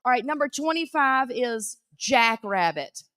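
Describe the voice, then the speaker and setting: A woman with a Southern American accent announcing prize winners at a live event, teasing and animated. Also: on the high side, measured pace, clear, resonant tone, no room sound, studio quality. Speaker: auction emcee.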